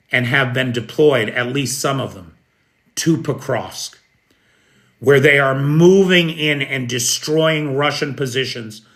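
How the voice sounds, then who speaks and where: A man's voice: mid-range voice, a bit bright. An American man giving live news commentary, emphatic and opinionated, calling out viewers by name. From United States.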